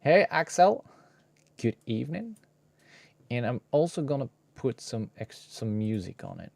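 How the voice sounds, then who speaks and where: A man's voice: medium pitch, big pitch swings, a little slow, gravelly, a little mellow, dry recording. A man casually chatting with his live viewers while he edits a video, muttering to himself and now and then dropping into a whisper. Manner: laid-back, swears casually. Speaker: streamer editing a video live. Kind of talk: casual live-stream chat.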